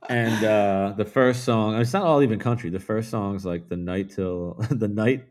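A man with a fairly low voice tells loose, profane stories in a relaxed podcast chat. He rambles with plenty of fillers and restarts. He drops into hushed asides, then jumps into loud, excited bursts. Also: unhurried. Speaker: podcast guest, videographer. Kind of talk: casual storytelling chat.

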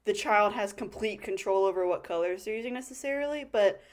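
A woman co-hosting a relaxed podcast. She talks through her points bluntly and analytically. Profanity comes easily in her speech. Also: mid-range voice, fairly quick. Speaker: podcast co-host. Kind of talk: casual chat.

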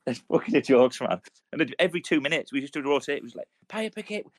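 A man's voice: mid-range voice, rapid-fire. A man, an ex-soldier co-hosting a podcast, telling sweary stories in casual chat and acting out quotes. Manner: sweary storytelling, acts out quotes.

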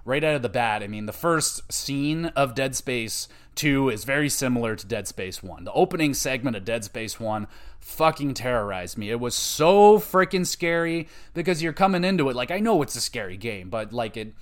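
Excitable, profane man on a gaming podcast. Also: medium pitch, moderate pace. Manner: excitable, profane, swears constantly; acts out his own reactions with sudden loud outbursts. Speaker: podcast host. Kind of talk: casual gaming podcast chat.

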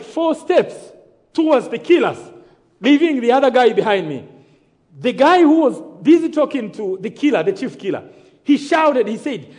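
A man's voice: very high-pitched, a little mellow. A man from Rwanda giving a sermon testimony, emphatic, calling for amens and acting out the dialogue of his story. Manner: emphatic, calls for amens, acts out quoted dialogue. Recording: long hall reverb.

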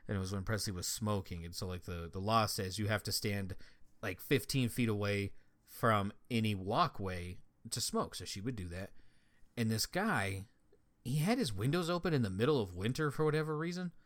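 A young man in casual chat, telling a story with lots of swearing and lively energy. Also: fairly low pitch, moderate pace. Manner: profane, animated storytelling.

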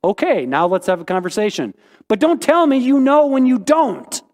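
A man preaching a sermon as a pastor, animated and joking, with sudden high exclamations. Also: moderate pace, long reverb tail.

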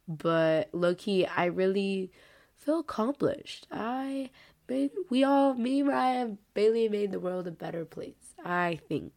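A young woman in her late teens hosts her own podcast solo, chatting casually and rambling with heavy use of "like" as filler. She's sick, so her medium-pitched voice sounds congested, creaky, and darkish, slow but with lively intonation.

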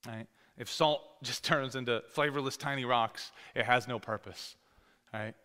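A man preaching a sermon as pastor, talking conversationally and rising to loud, emphatic scripture reading. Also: mid-range voice, measured pace. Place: church sanctuary. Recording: long hall reverb.

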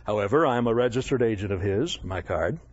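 A man voicing an officious, self-important male apostle who brushes people off in a brisk, condescending way. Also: on the low side, expressive, pitched below the performer's own voice. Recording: dull lo-fi dry recording.

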